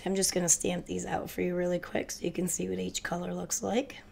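A woman with a stuffy cold voice, chatting quickly and casually to her viewers in a crafting haul video. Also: lowish voice, completely flat delivery, creaky, darkish tone, a little hiss or hum. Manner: chatty, hurried, addresses viewers directly. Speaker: crafting vlogger.

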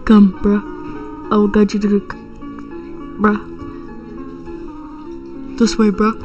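Kind motherly guardian, read by a woman with slang jokes, medium pitch. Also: completely flat delivery, takes it slowly, darkish tone, muffled recording, soft background music, lightly acted. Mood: gentle. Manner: reads game text aloud, tags slang onto lines. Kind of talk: reading game dialogue aloud.

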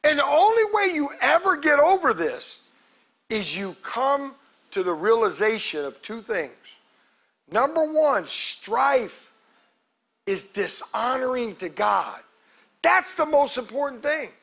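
High-pitched, animated preaching man. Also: slow, vocal fry, breathy edge. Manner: preaching with call-outs to the congregation, acts out quotes; loud shouted peaks. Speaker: pastor. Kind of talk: sermon. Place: church sanctuary.

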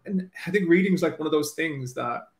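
Recorded with a roomy sound, a man from Ireland, an author, speaks on the high side and a little fast. The talk starts as a casual, nervous chat full of self-deprecation, filler "likes," and restarts, then turns into reading aloud.

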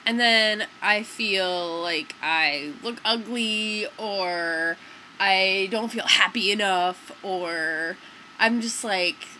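A woman's voice: mid-range voice, extremely slow, sharp tone, slight background noise, poor audio. A young woman vlogger telling a story to the camera in a rambling, casual way, full of fillers like "like" and "dude".

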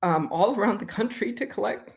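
An older woman accepts an award, her speech halting and full of little pauses and restarts. She gets emotional as she thanks people, with a voice of ordinary pitch for a woman. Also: vocal fry. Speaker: award recipient, research scientist.

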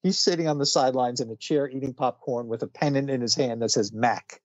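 A man's voice: medium pitch, fairly quick, dry recording, lo-fi sound. A man casually retelling a comic book story on a podcast, chatty, with many fillers and frequent laughs. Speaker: podcast co-host.

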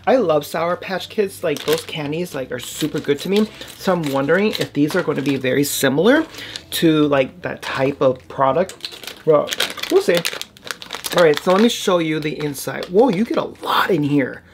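A woman's voice: sits low, animated, moderate pace. A woman from the United States casually chatting while she tastes snacks, talking with her mouth full and humming mm between bites. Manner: chatty, talks while chewing, lots of mm sounds. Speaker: vlogger. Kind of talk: casual snack unboxing and tasting chat. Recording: noisy with wrapper crinkling.

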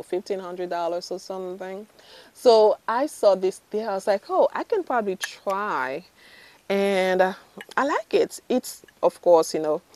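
A woman fashion vlogger with a mid-range, darkish voice chats through a bangle try-on haul. She gushes casually and fills her talk with fillers and self-corrections.

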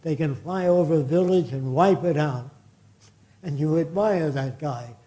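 A man's voice: on the high side, measured pace, warm tone. An older man from the United States giving a public lecture, blunt and indignant, with profane asides.

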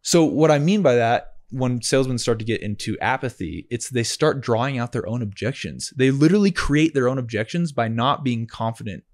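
A man's voice: medium pitch, lively intonation, brisk, hardly any pauses, a little mellow. Male podcast co-host, mid-range voice, chatty sales-coach storyteller who checks in and acts out conversations. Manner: explains with rhetorical check-ins; acts out customer and rep dialogue. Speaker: sales manager coaching door-to-door reps.

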